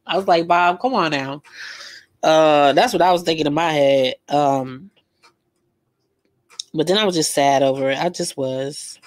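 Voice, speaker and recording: A young woman, chatting and gossiping casually while she paints live, slangy and laughing often. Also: low-pitched. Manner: slangy, laughs a lot, animated storytelling. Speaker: art vlogger painting live.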